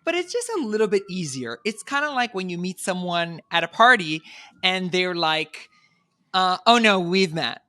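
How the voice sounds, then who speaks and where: A man's voice: sits high, expressive, normal speed, bright, forceful tone. A man co-hosting a podcast in casual chat, blunt and given to crude jokes. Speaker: podcast co-host.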